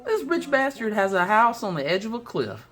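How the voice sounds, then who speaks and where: Sarcastic swearing man with lively pitch. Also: normal speed. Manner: mocking, heavy swearing. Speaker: movie reviewer. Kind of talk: sarcastic commentary over clips.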